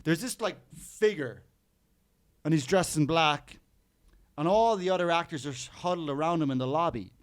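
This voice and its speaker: A man's voice: on the high side, normal speed, clean tone, no room sound. A man from Cork with an Irish accent, a podcast guest telling stories with lots of swearing and acted-out quotes. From Ireland. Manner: lively storyteller, swears a lot, acts out quotes. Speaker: podcast guest, clown teacher. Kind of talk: casual podcast chat.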